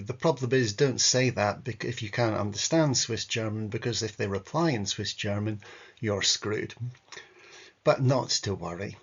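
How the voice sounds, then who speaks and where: Gravelly wry male travel vlogger. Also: medium pitch, normal speed. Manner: wry, rambling asides. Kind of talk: casual travel commentary over photos. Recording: dull lo-fi audio.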